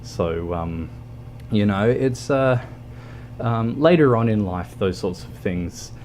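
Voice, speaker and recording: Australian male streamer, deep voice, unhurried, halting casual chat. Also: animated, a little mellow, slight background noise. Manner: hesitant, many ums and restarts. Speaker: livestreamer. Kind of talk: casual chat while gaming.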